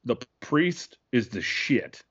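A man co-hosting a podcast in casual chat, excitable and profane, rambling with lots of restarts. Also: mid-range voice, slow, slightly rough. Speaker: podcast co-host. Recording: dull lo-fi podcast audio.

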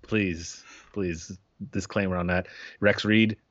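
Excitable, profane man on a podcast. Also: deep voice, slow pace. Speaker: podcast co-host. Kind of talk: casual chat. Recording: dull lo-fi podcast audio.

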